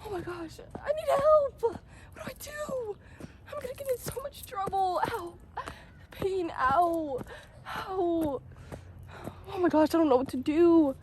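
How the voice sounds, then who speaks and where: A young woman playing a teenage girl who takes her mom's car out, talking to herself out loud as she goes. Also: very high-pitched, takes it slowly, noisy background. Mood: panicked, hurting. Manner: chatty, talks to herself out loud. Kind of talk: short-film acting.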